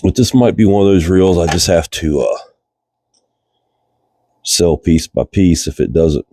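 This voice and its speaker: A stuffed-up man with a Virginian accent, his voice sitting very low and dark as he talks his way through a reel repair with a cold. He rambles in a relaxed, thinking-aloud way with plenty of fillers. The sound is close and dry. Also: unhurried, no echo. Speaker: reel repair channel host. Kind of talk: casual workshop narration. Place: cold garage workshop.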